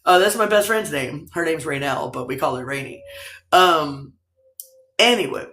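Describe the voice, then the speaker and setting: A woman's voice: low voice, lively intonation, moderate pace, fairly bright tone. A woman hosting a casual livestream, rambling, laughing often and swearing casually. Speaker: livestream host. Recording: roomy echo.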